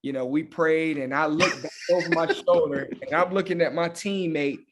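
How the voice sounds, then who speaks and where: Male guest, football coach, animated storyteller, slightly raised pitch. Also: moderate pace, noisy background. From Hampton, Virginia. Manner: animated, laughing, with lots of fillers like "man" and "you know". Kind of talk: casual storytelling.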